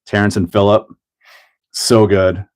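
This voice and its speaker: Laid-back Canadian man, low voice. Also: little pitch movement, measured pace. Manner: laid-back, jokey, laughs often, reads chat aloud. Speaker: livestream host. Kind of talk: casual livestream chat while building a kit.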